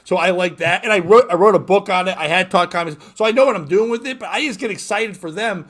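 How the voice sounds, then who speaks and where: A man's voice: sits high, quick pace, a bit bright. A man hosting a comedy podcast, telling a rambling story in casual chat, laughing often and acting out what people said.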